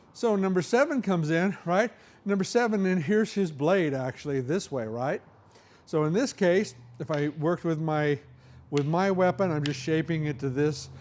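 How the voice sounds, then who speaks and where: A middle-aged man with a slightly high, somewhat mellow voice leads a hands-on martial arts seminar, with a little hiss or hum in the audio. He talks through each move as he demonstrates it, often checking in with "right?".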